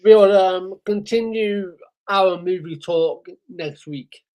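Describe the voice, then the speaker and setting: Slow, halting man podcast host. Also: sits high, darkish tone. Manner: halting, agreeable, many fillers. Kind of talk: casual chat.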